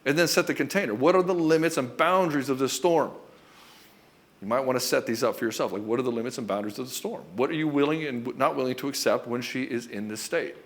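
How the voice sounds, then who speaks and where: Fast-talking blunt profane male coach. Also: medium pitch. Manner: acts out short quoted lines in other voices. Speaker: relationship coach. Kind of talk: direct-to-camera coaching talk.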